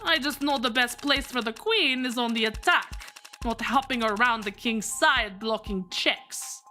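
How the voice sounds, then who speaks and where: A woman voicing a scheming male patriarch in a put-on Russian accent, reading game dialogue in a smooth, condescending way. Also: a little high, measured pace, bright, forceful tone, faint music behind. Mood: smug.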